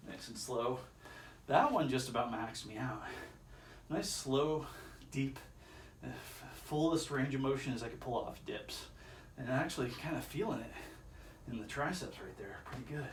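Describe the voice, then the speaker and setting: A man's voice: medium pitch, lively intonation, moderate pace, distant mic. A man doing a home workout, rambling casually and counting reps under his breath, a little strained from the exercise. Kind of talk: casual self-filmed workout commentary. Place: indoor room with chairs. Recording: echoey room, voice from off-mic, faint ambient noise.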